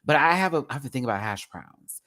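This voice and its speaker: Livestream host, male, sassy and animated, casual rant to viewers. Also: fast talker. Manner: animated, sassy, talks straight to chat with big pitch jumps. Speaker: live stream host.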